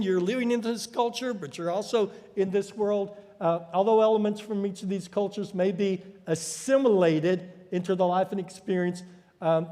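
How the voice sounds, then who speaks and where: Preaching in an echoey church hall, a man from the United States tells stories and performs the voices of those he quotes. His voice sits high and has a darkish tone.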